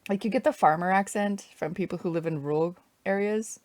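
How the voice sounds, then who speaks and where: A woman's voice: medium pitch, a little fast, a little mellow, no room sound. A woman from Canada chatting casually and wryly while streaming a strategy game, rambling between moves. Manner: chatty, rambling, wry asides.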